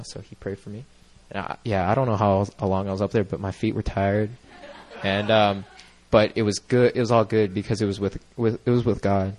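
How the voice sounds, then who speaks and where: A young man giving a personal testimony into a microphone at a church gathering, earnest and rambling, full of "like" and "you know" and quick to laugh. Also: lowish voice, level tone, a little mellow.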